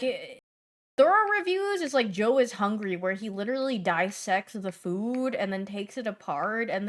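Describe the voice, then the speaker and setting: A medium-pitched young woman streams casually, bantering playfully with her chat. Her talk swings between loud exclamations and mumbled asides.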